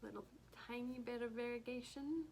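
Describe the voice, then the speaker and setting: A cross stitch vlogger chats casually about her craft haul in a fairly high, creaky voice at a moderate pace. She gushes over each item and speaks softly, often dropping to a near whisper. The low-quality recording carries a little hiss or hum.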